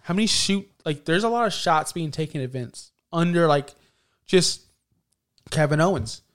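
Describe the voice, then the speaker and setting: Animated man in casual wrestling chat. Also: a little high, moderate pace. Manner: animated, mocks stiff promos in a robotic voice. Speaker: podcast co-host.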